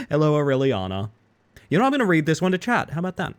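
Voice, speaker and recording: A man's voice: fairly high pitch, smooth. A young man streaming a game, chatting playfully and joking directly with his viewers. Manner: playful, joking, talks straight to chat. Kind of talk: casual live-stream chat while gaming.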